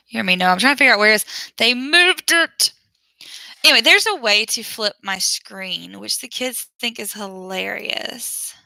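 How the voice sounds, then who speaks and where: Chatty woman with a bright, gravelly voice. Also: medium pitch, moderate pace, no echo, rough recording. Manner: chatty, laughs often, trails off mid-sentence while searching her screen. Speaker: online teacher. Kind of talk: casual livestream chat with viewers.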